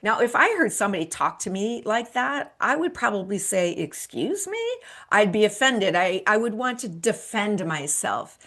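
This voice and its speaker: A woman's voice: mid-range voice, lively intonation, normal speed, few pauses, fairly bright tone. A woman in her fifties hosting a solo motivational talk, earnest and encouraging, asking the listener rhetorical questions. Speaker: midlife coach and show host.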